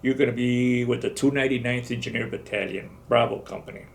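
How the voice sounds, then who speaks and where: An older man in his seventies recalls his service in a loose, wandering storytelling manner, and often acts out what others said. His voice has a gravelly fry, set at a middle pitch for a man. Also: steady tone, fast, a little hiss or hum. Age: 70s. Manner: rambling storytelling, acts out dialogue. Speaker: veteran interviewee. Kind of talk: oral history interview.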